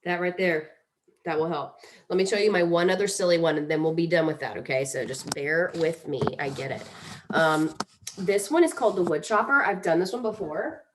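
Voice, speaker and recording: Woman, lowish voice, playful mindfulness teacher, casual and chatty. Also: moderate pace, slight background noise. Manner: chatty, playful, demonstrates breathing exercises aloud. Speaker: mindfulness instructor. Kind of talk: casual instructional talk.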